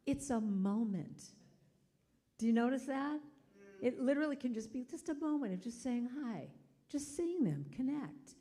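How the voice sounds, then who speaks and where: A woman's voice: on the high side, moderate pace. A middle-aged woman giving a chatty sermon, telling stories and acting out quotes. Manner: chatty, animated storytelling with acted-out quotes. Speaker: guest speaker. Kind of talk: sermon storytelling. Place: church sanctuary.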